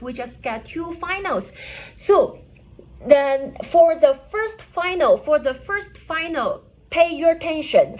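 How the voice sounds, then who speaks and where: A woman teaches a beginner pinyin class in a high, bright voice. She speaks slowly and deliberately, saying each point twice. She checks in with "okay?" again and again. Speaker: Chinese language teacher.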